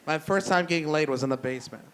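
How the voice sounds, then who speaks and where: A man's voice: a little high, fast, noisy background. A young man doing stand-up comedy at a live brewery show, telling loose, profane, self-deprecating stories with lots of restarts. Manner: loose, rambling delivery with restarts.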